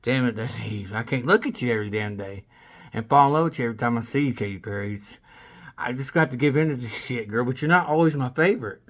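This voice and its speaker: A man talking in a rambling, casual monologue, swearing freely and breaking into laughter, swinging from loud excitement to low mumbles. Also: fast talker. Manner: rambling, with restarts and bursts of laughter. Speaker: vlogger.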